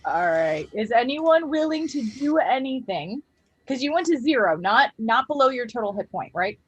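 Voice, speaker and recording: Brief: breathy, fairly high female game master, brisk. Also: very animated, no echo, lo-fi sound. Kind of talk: running a tabletop game.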